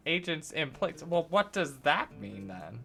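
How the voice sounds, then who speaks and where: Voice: medium pitch, big pitch swings, unhurried, gravelly, a bit bright, faint music behind. A player at a tabletop game talking playfully in character and laughing often.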